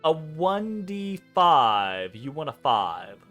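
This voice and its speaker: A man narrating as game master of a tabletop game, rambling and correcting himself with quick laughs. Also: a little high, big pitch swings, a bit bright, soft background music. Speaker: dungeon master.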